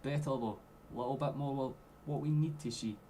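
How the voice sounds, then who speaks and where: Young scottish guy doing a footy watchalong, sweary, blows up loud at bad play, slight background noise. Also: medium pitch, fairly quick. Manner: swears freely, flares into loud outbursts at play. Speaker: streamer doing a football watchalong. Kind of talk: live match commentary to chat.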